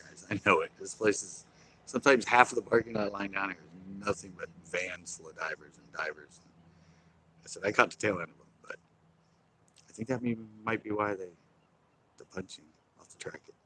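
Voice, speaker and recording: A man's voice: sits low, pushed and bright, slight background noise, rough recording. A man hosting a casual fishing live stream outdoors on a pier, rambling and chuckling as he talks. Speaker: fishing livestream host.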